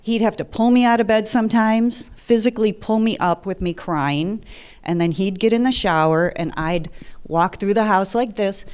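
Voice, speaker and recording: A woman's voice: medium pitch, normal speed, darkish tone, clear, resonant tone. A woman in her fifties from the Detroit area, telling her personal story at a seminar in a chatty, humorous way. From Detroit area, USA. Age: 50s.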